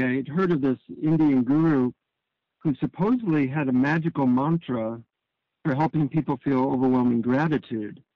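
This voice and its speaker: A man, an author being interviewed, tells stories in a relaxed, halting way with fillers. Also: medium pitch, dry recording. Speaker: author guest. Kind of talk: storytelling interview answers. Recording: dull lo-fi radio sound.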